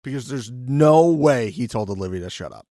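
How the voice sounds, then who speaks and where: Male podcast co-host, mid pitch, dry close-mic sound, lively casual recap banter. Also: normal speed, no echo. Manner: animated, acts out quotes in put-on voices.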